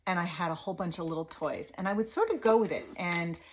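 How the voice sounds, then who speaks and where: A woman's voice: lowish voice, fast, a little hiss or hum. A woman in her thirties, a speech-language pathologist, coaching parents and slipping into a sing-song play voice during toy demos. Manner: sing-song, animated demo voice for toddlers.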